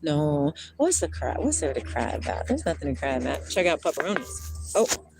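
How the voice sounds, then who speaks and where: Out by a river, a middle-aged woman from Washington state, USA, hosts a casual livestream, rambling playfully and slipping between chatting with viewers and singing. Her low-pitched voice is creaky and very animated at a moderate pace, with a noisy background.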